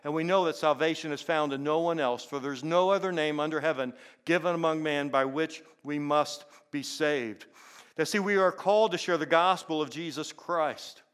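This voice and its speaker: A man's voice: fairly high pitch, normal speed, a bit bright, clear, resonant tone. An older man preaching a sermon as a pastor, telling personal stories in an earnest way and often repeating words as he goes. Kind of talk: sermon storytelling.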